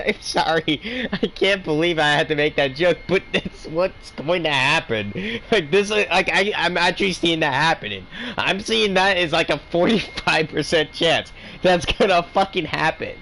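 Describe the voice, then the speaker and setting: A man's voice: fairly high pitch, animated, normal speed, hardly any pauses, bright, forceful tone, a little hiss or hum, low-quality recording. A man giving a heated, profane opinion rant as a video reviewer. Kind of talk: ranting opinion commentary.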